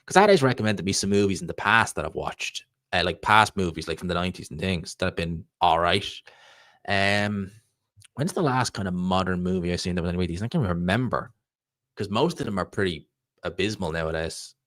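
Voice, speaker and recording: A low-voiced, slightly bright Irish man talks a little fast as he hosts a live stream, reading viewer chat and meandering casually through answers. There's no room sound, and the quality is studio-level.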